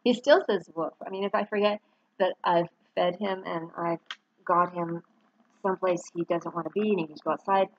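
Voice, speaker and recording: In her heartfelt, rambling vlog, a middle-aged author and dog owner shows photos to the camera and sometimes gets choked up. She speaks at normal speed with a low-leaning voice and fairly even intonation. The audio is dull, with no echo.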